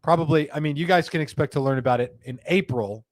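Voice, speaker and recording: A man hosting a live stream, talking in a chatty, rambling and animated way. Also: on the high side, quick pace, dry recording. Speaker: host.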